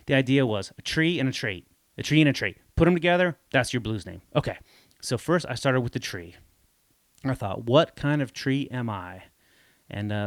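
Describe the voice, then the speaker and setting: A man's voice: medium pitch, no room sound. A middle-aged man hosting a podcast, telling a rambling, self-deprecating story with many fillers and restarts. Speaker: podcast host. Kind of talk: casual storytelling monologue.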